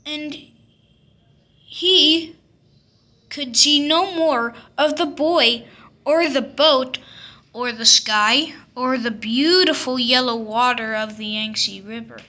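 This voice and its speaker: Slow, bright-voiced woman reading a storybook. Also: sits high. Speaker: storybook reader. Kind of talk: reading a picture book aloud.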